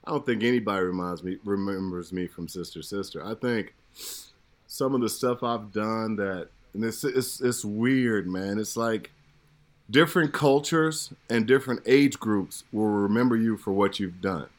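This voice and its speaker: A middle-aged man, an actor, telling stories from his career in casual chat, animated and laughing as he acts out quotes. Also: lowish voice, normal speed. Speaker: actor guest. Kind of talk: casual storytelling.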